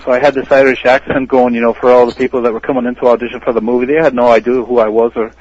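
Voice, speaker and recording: Animated American actor on a dull line. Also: male voice, mid-range voice, very fast. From United States. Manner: animated storyteller who laughs often. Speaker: actor, podcast guest. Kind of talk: casual interview storytelling.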